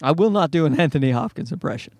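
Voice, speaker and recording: Comedian in his 30s, high lively voice, swears a lot, dry close sound. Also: fast, no echo. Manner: rambling, profane, animated. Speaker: comedian and podcast host. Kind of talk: casual comic monologue. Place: parking garage.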